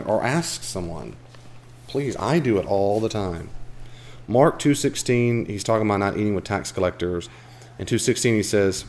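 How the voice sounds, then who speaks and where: A man leading a casual Bible study group, chatty and animated, talking with asides to the people in the room. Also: fairly low pitch, normal speed. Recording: live room recording, faint background.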